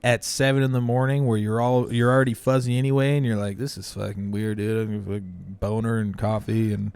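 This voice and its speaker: A man's voice: fairly low pitch, fairly even intonation, fairly quick, darkish tone, clean tone, no echo. A man co-hosting a comedy podcast, telling rambling, profane stories in casual chat and acting out the quotes. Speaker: podcast co-host.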